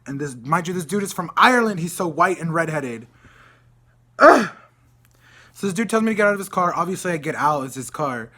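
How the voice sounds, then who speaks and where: Texan man with a higher voice, casual vlogger ranting through a story and acting out the other people. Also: animated, quick pace, hardly any pauses, bright, forceful tone. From Dallas, Texas.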